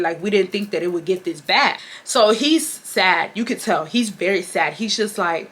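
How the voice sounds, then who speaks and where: A woman's voice: mid-range voice, animated, a little fast, few pauses, fairly bright tone. A young woman from Houston, telling a story to her viewers in blunt, casual chat. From Houston, Texas. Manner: chatty, blunt, addresses viewers as y'all. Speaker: beauty vlogger telling a work story.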